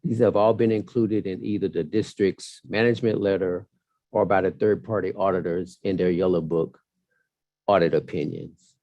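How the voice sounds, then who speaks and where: A man, a partner at an audit firm, giving a measured, formal presentation of audit results at a council hearing over a video call. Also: low voice, steady tone, dry recording, highs cut off. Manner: measured, formal, with some fillers.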